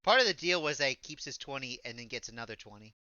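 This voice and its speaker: A man's voice: medium pitch, lively intonation, fast talker, sharp tone, highs cut off. A man running a tabletop role-play game as game master, laid-back and saying "y'all".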